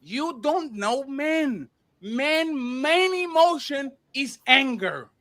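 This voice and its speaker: A man with a strikingly high voice argues on a panel, pressing his point with repeated names and words. His tone is bright and pointed, and he cuts in over the others. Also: expressive, very slow. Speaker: panel show host. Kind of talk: heated panel debate.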